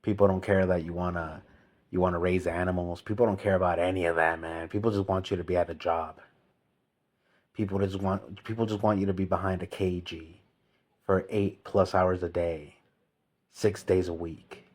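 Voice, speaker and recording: A man with a fairly low voice rants to the camera in a comic monologue. He talks in an emphatic, slangy way and keeps hammering the same point over and over. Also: steady tone, normal speed, darkish tone. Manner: ranting, emphatic, repetitive, slangy. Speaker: vlogger.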